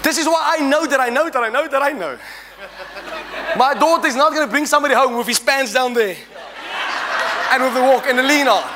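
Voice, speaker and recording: A middle-aged man preaching a sermon to a congregation, animated and humorous, rising to shouts and drawing call-and-response. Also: extremely high pitch, fairly quick, pauses often, background noise. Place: church hall. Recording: church hall reverb.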